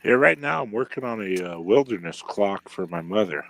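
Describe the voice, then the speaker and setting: A man's voice: on the low side, expressive, normal speed, vocal fry, fairly bright tone. A man chatting as a guest on a live stream, making dry, grumbling remarks. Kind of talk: casual chat.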